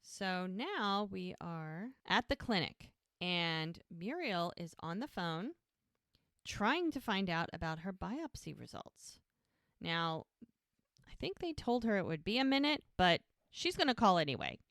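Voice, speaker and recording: A woman's voice: fairly low pitch, sing-song, measured pace, a bit bright, no room sound, clean studio sound. Chatty woman recapping a show. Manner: retells scenes by quoting characters with "he's like". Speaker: podcast co-host. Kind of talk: casual recap chat.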